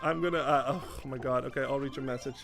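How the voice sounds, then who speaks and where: A man's voice: medium pitch, fairly even intonation, fast, creaky, fairly bright tone, soft background music. A young man from the Netherlands chatting casually over gameplay, swearing often and restarting his sentences in exasperation. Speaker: gaming streamer.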